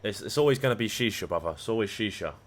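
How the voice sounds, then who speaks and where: A man's voice: lowish voice, animated, quick pace, fairly bright tone. Rambling, foul-mouthed man chatting. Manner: rambling, profane banter. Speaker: live trading streamer. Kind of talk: casual livestream chat.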